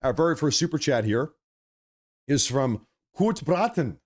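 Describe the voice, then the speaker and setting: A man hosting a political livestream, chatting casually with viewers and reading their messages, with a slight cough, animated and prone to repeating himself. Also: a little high, a little slow. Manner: animated, repeats phrases, apologetic asides.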